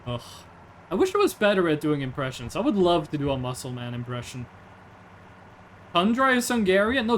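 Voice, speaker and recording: A young man chatting casually while he streams a game, rambling and reading chat aloud. His voice sits high and swings widely in pitch. A faint hum sits behind him. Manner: rambling, reads chat aloud, jokey asides.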